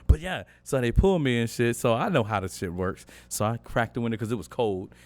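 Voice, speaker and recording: A man's voice: medium pitch, brisk. A man co-hosting a podcast, telling a story in casual chat, acting out the people in it and laughing often. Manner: animated, acts out voices in his stories, laughs often. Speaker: podcast co-host.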